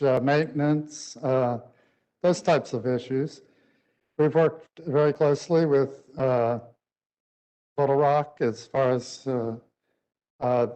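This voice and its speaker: A man's voice: mid-range voice, dark tone, low-quality recording. A man speaking as the applicant at a public hearing, hesitant and full of filler words. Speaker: development applicant.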